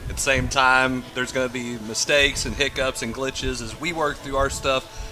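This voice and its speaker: A man's voice: mid-range voice, steady tone, moderate pace, bright, forceful tone, soft background music. A man, a coach, doing casual color commentary in a rambling way with many restarts.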